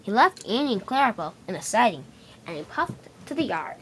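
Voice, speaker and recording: A woman narrating a toy-train story off the cuff, often stumbling and restarting. Her higher voice swings widely in pitch, with a faint background hiss. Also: very animated, fairly quick.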